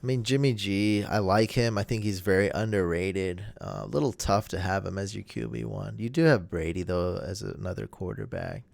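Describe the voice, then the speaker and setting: A man hosting a fantasy football livestream, hoarse from losing his voice, chatting and rambling to his viewers in a casual way. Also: on the low side, normal speed, few pauses, a little mellow. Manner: rambling, self-deprecating, talks to viewers. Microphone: desk mic, at times held close.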